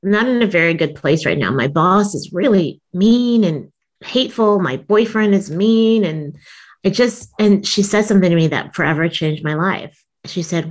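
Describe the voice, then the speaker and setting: A woman guest on an interview show, a comedian and author, with a fairly low voice. She tells stories in a lively, animated way and leaps up in pitch whenever she acts out what someone said. She laughs often as she talks. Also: moderate pace. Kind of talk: storytelling interview.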